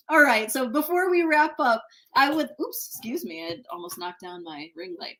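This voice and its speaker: A woman's voice: a little high, lively intonation, brisk, hardly any pauses, fairly bright tone. A woman hosting a live interview show from a home setup, effusive and encouraging, often stumbling over her first words. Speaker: host. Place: home setup with ring light.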